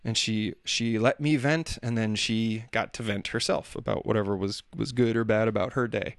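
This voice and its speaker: A man's voice: on the low side, fairly even intonation, moderate pace, gravelly, dry recording. A man in his thirties talks alone into the mic in a loose, rambling way. He laughs at himself, restarts his sentences and drifts from topic to topic. The sound is dry and close, with no room around it. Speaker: podcast host and musician. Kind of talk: casual solo chat.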